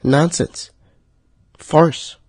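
A man hosting a solo podcast, talking in a profane, heated rant that jumps high and loud when he gets worked up. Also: very slow, no room sound. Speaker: podcast host.

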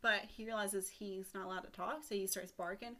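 Young woman podcast host, bright voice, chatty, irreverent retelling. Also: medium pitch, fairly even intonation, brisk. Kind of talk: casual storytelling.

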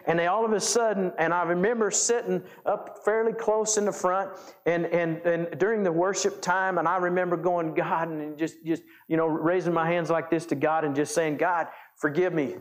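A man preaches from the pulpit, spinning folksy ranch stories into his sermon. His voice sits a touch high for a man. He grows lively and animated as he acts out the scenes. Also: normal speed. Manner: folksy storytelling, animated when recounting. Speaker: pastor. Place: church sanctuary.

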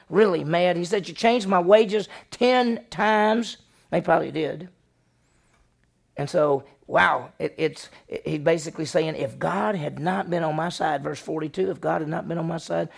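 Gravelly pastor, animated preaching. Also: male voice, on the high side, normal speed. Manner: animated storytelling, acting out the characters' lines. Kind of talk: sermon.

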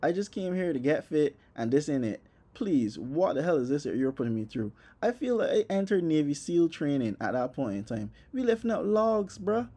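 A young man tells a comic story with plenty of profanity, acting out his own reactions as he goes. His voice is mellow and warm, and he stays animated throughout. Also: fairly high pitch, fairly quick. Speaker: vlogger. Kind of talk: comedic personal storytelling.

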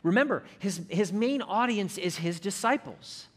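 Man, pastor, sermon, high voice, slow soft scripture readings, building intensity. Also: animated.

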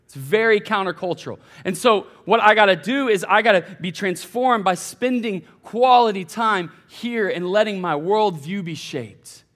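A young man, preaching a sermon as a college pastor in a conversational way that swings between quiet and emphatic. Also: high-pitched, normal speed, few pauses. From United States. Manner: conversational preaching, fillers and restarts, swings from soft to loud.

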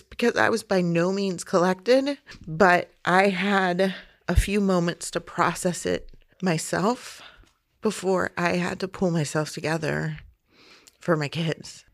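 A woman in her forties recounts a personal ordeal in halting, emotional phrases. Her voice sits low and carries a gravelly fry. The sound is dry and close. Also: dry recording. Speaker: interviewee. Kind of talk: personal testimony.

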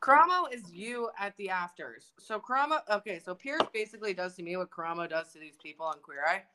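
A woman's voice: mid-range voice, lively intonation, fast, very noisy. Bubbly young woman podcast co-host. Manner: bubbly, laughs often, swears casually. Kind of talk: casual chat.

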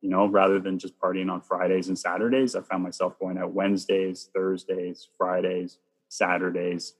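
A man from Canada sharing his personal faith testimony as a guest, telling it in a lively way that acts out what people said. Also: low voice, moderate pace, breathy edge, in a large hall. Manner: lively storyteller, acts out quoted lines.

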